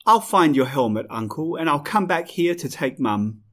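A man's voice: on the high side, sing-song, moderate pace. A man voicing a defiant, brave teenage demigod boy who speaks in an earnest, pleading way.

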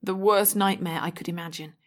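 A woman narrates a first-person story in a clear, measured reading voice. Her pitch sits in the middle range, and she paces the storytelling evenly. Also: steady tone. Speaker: audiobook reader.

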